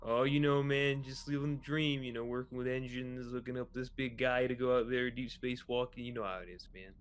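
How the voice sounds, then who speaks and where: A man's voice: medium pitch, steady tone, fairly quick, clear, resonant tone, pitched above the performer's own voice, close to an everyday voice. A man voicing Ronnie, a friendly, laid-back male engineer on a spaceship in a tabletop game, who talks in a chummy drawl.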